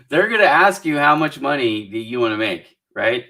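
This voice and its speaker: A man's voice: mid-range voice, expressive, a little slow, bright, forceful tone. A middle-aged man from Southern California, hosting a casual live-stream Q&A as a career coach, chatty and encouraging while he reads out viewer comments.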